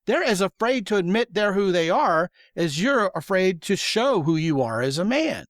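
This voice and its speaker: A man's voice: high voice, sing-song, moderate pace, a bit bright, dry recording, studio quality. A man hosting a podcast, talking in an emphatic, opinionated way and acting out the quoted voices he describes. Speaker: podcast host. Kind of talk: casual podcast conversation.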